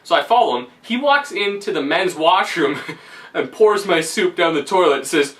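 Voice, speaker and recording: A man tells a long story in a loose, rambling way, laughing and filling pauses. His voice is fairly high and very bright. He sits some distance from the mic. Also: animated. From Canada. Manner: rambling, laughing, full of fillers. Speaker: vlogger. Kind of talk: casual storytelling.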